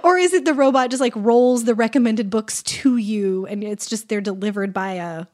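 A woman's voice: fairly high pitch, moderate pace, a little mellow. A woman co-hosting a podcast in casual chat, laughing often and asking playful questions. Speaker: podcast co-host.

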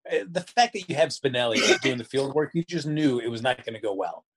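A man's voice: mid-range voice, animated, fast, husky. A man co-hosting a casual recap chat, easygoing and mildly exasperated. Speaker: show co-host.

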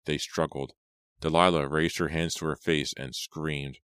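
A man with an extremely deep, smooth voice narrates an audiobook. He reads dramatically and slows down and gets louder for the characters' lines. The sound is dry and close. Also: little pitch movement, dry recording.

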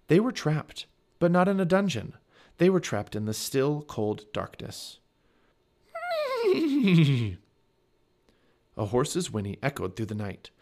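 A man reading a children's chapter book aloud for a family podcast, telling it expressively. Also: mid-range voice. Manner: expressive storytelling.

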